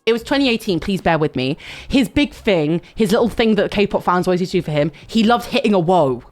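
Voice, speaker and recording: A young woman, telling a story to her stream in a loud, animated way, with swearing and sudden shouts. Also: fairly low pitch, fairly quick, soft background music. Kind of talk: casual storytelling chat.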